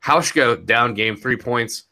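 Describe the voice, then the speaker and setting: A man's voice: mid-range voice, slow, sharp tone. Casual guy recapping fantasy football. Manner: rambling, casual, laughs easily. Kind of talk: casual podcast chat.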